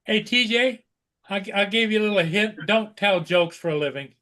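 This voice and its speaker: High, bright man teasing bluntly. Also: normal speed. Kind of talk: casual group banter.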